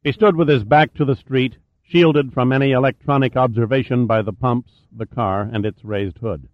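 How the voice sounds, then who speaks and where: A man narrating a thriller audiobook in a steady, measured reading voice. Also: medium pitch, no echo, dull audio.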